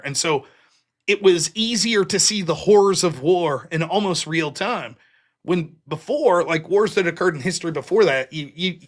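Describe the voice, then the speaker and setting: A man's voice: on the high side, sharp tone. A man hosting a live stream, telling a long, rambling anecdote in casual, profane chat full of fillers. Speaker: host of a live streaming show. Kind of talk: casual storytelling monologue.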